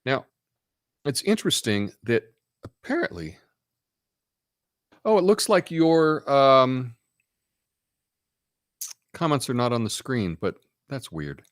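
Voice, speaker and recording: A man's voice: medium pitch, sing-song, takes it slowly, pauses often, no room sound, studio quality. A man hosting a casual live stream, rambling in an offhand way and reading out chat comments.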